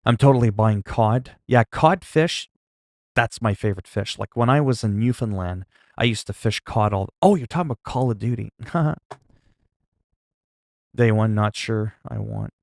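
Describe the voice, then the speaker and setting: A man's voice: on the low side, moderate pace, darkish tone, dry recording, clean studio sound. A man chatting casually on a game livestream, rambling, joking and reading the chat aloud into a desk mic. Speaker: gaming livestreamer.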